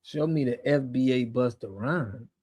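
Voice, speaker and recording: Speaking at a measured pace in a mid-range, darkish voice, this American show host runs a casual livestream. His replies to chat are emphatic and full of slang, and he repeats himself once he's fired up.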